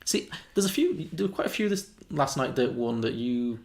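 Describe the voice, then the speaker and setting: A man's voice: medium pitch, lively intonation, moderate pace, creaky. A man co-hosting a film podcast, chatting casually and rambling with frequent self-corrections and chuckles. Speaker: podcast co-host.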